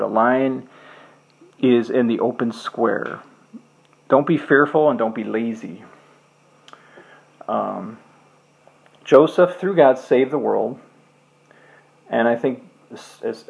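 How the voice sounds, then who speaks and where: A man's voice: mid-range voice, vocal fry, lo-fi sound. A man preaching a casual, earnest sermon, reading scripture and leading a closing prayer. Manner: earnest, loose and conversational, with restarts.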